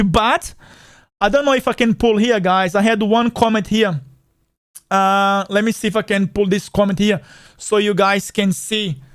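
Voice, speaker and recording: High-voiced non-native English-speaking man. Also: clear, resonant tone, no echo, clean studio sound. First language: not English. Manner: chatty, repetitive, addresses viewers as guys. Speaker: finance channel host. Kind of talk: casual livestream chat reading comments.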